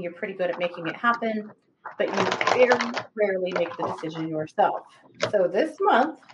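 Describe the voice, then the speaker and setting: A woman co-hosting a livestream, giving chatty, animated astrology readings and laughing often. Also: mid-range voice, very noisy. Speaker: psychic reader, co-host.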